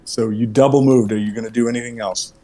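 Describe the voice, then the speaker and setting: Mellow-voiced man running a tabletop game. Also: mid-range voice, steady tone, fast talker. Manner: easygoing, full of fillers and self-corrections. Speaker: game master.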